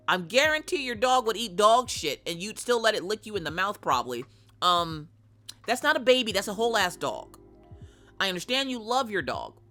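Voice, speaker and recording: Animated woman streamer telling stories, bright and blunt, bit of music playing. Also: lowish voice. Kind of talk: casual storytelling.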